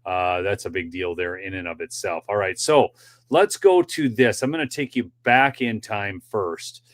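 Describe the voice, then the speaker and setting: A man with a deep voice speaks at a moderate pace as host of a political commentary livestream. He chats directly with his viewers in a loose, rambling style, full of filler words.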